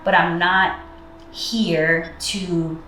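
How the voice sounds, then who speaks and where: A woman telling a personal story in casual chat, relaxed and full of fillers. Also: on the low side, drawn-out words, reverberant, a little hiss or hum. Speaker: co-host.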